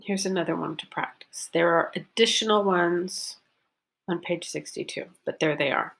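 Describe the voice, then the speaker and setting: A woman teaching a pronunciation lesson, modeling focus words slowly and deliberately for students to repeat. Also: fairly low pitch, vocal fry, fairly bright tone. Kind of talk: recorded online lesson.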